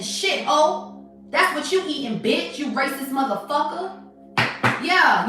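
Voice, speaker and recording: A woman doing a livestream tarot reading who turns to profane, confrontational scolding of her viewers. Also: high voice. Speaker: tarot reader. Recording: very echoey room, voice from a distance, faint music.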